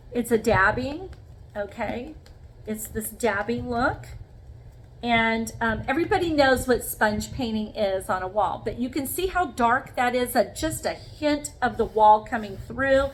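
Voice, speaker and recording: A woman's voice: fairly high pitch, slight background noise, poor audio. A woman demonstrating sponge painting in a casual craft vlog, talking viewers through each step and checking in with them often. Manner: chatty, talks viewers through each step with frequent "okay?". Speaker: craft vlogger.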